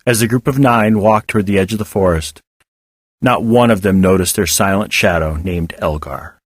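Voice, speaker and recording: A man narrating a serialized children's story as an audiobook with expressive storytelling. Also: low voice, moderate pace, no room sound, studio quality. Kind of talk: audiobook reading of serial fiction.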